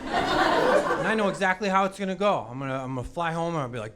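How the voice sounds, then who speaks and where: A man's voice: a little high, quick pace. Sheepish stand-up comic man in his forties. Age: 40s. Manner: sheepish, self-mocking delivery with acted-out quotes. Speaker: stand-up comedian. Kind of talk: stand-up comedy set. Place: comedy stage before a live audience. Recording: live crowd laughter, loud background noise.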